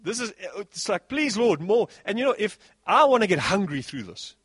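Animated preaching man, fairly high voice. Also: moderate pace, slightly rough, no room sound. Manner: animated preaching, swings between soft and loud. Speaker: pastor. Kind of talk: sermon.

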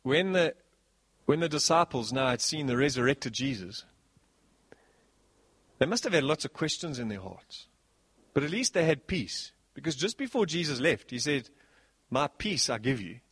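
A man preaching a sermon as pastor, animated, swinging between soft passages and loud bursts. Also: mid-range voice, moderate pace, pauses often, breathy edge, dry recording.

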